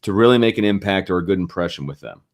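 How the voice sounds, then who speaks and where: A man's voice: low-pitched, animated, fast. A middle-aged man co-hosting a sports podcast, easygoing and agreeable, with hesitant fillers. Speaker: podcast co-host. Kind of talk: casual sports talk.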